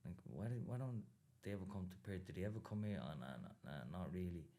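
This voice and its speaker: This Irish man in his thirties is a boxer appearing as a guest on a casual interview. His voice is low and warm, and he talks fast and very animatedly, swearing freely as he tells stories.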